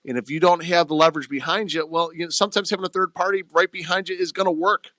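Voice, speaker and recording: A man's voice: on the high side, steady tone, fast talker, bright, forceful tone, dry recording. A man, a real estate agent talking emphatically on a radio talk show into a close studio mic. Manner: emphatic, plain-spoken sales talk.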